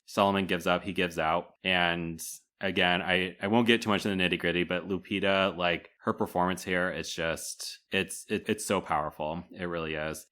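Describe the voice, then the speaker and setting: A man with a low, bright-edged voice talks through a film plot in loose, rambling podcast chat. He leans on "like" as filler and breaks into small chuckles. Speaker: podcast co-host. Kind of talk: casual movie recap chat.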